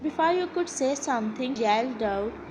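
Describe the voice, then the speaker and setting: A woman reading a fan fiction story aloud in steady second-person narration, over background music. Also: fairly high pitch, brisk, low-quality recording.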